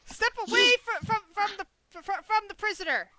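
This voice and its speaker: A woman voicing a stern male flying rider who shouts orders to surrender, tripping over her words. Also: very high-pitched, expressive, brisk, very noisy, voice pushed up.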